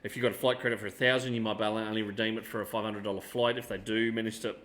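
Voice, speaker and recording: A man's voice: fairly low pitch, level tone, racing, a bit bright. An Australian man co-hosting a podcast, chatting casually and laughing often as he tells stories. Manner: chatty, laughing, jokey impressions. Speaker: podcast co-host. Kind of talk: casual chat.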